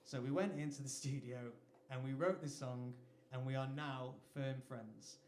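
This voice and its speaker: On stage between songs, an English singer-songwriter shares a chatty anecdote at his own expense. He speaks at normal speed in a medium-pitched, darkish voice. The live venue recording is echoey, with slight background noise.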